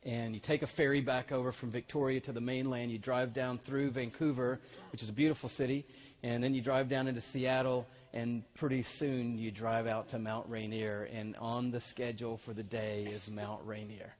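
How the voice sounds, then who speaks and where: A middle-aged male pastor telling a personal story in a sermon, animated and growing loud and excited as it goes on. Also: mid-range voice, normal speed.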